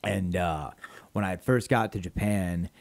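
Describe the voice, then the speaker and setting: In a podcast studio, a young man appearing as a comedian guest tells a rambling, profane story in casual conversation. His voice is deep, creaky, and darkish in tone, and he takes his time.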